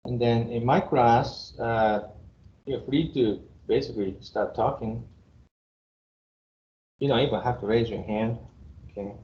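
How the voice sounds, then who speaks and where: Speaking slowly with long pauses, a Japanese man in his fifties delivers a classroom lecture in a mid-range, fairly even voice. As an engineering professor, he's blunt and jokey, chuckling between points, and the recording is roomy and dull.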